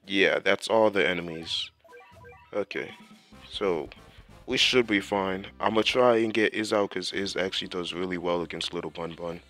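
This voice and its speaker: Young guy, deep voice but bright and forceful, rambling to himself while he plays, faint game music behind. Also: moderate pace. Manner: talks to himself while playing, slangy, with many fillers. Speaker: gameplay commentator. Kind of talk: casual gameplay commentary.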